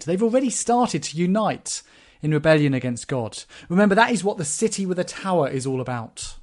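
Man preaching, fairly high voice. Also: a little mellow. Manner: rhetorical questions, reads scripture aloud. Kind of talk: sermon.

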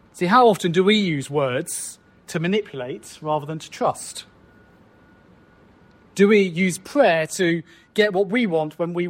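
A man preaching a sermon, leading his listeners through the text and asking them questions as he goes. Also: high-pitched. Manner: rhetorical, asks the listeners questions.

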